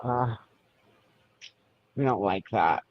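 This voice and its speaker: A man co-hosting a casual book club livestream, playful and quick to laugh. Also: fairly low pitch, highs cut off. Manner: playful, laughs often, slips into silly voices. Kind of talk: casual chat.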